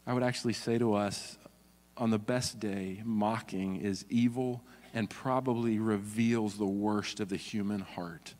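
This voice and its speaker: A man's voice: fairly low pitch, fairly even intonation, a little slow, a little mellow. A man preaching a sermon, earnest and demonstrative, often reading scripture aloud. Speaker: pastor. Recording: long hall reverb.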